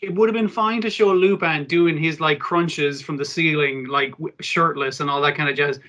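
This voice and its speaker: A man co-hosting an anime podcast, chatting casually, excitable and swearing as he recaps scenes. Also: on the high side, moderate pace. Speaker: podcast co-host. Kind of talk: casual chat about anime.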